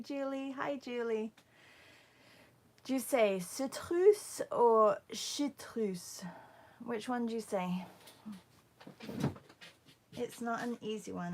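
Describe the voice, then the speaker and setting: A woman's voice: medium pitch, gravelly. A woman hosting a casual livestream art class, chatting with viewers and greeting them by name, sometimes dropping into a whisper.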